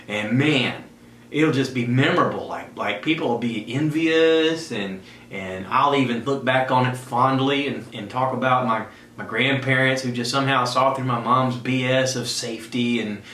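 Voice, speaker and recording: A man with a drawl spins a personal story for his podcast, animated and quick to slip into the voices of the people he describes. His tone is bright and forceful. The sound is echoey, with a faint hum of ambience behind him. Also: medium pitch. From South Carolina. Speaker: podcast host.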